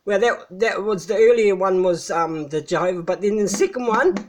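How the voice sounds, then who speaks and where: A man's voice: sits high, animated, moderate pace, slight background noise. A man talking in a rambling, hesitant way, full of fillers and restarts. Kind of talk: casual monologue.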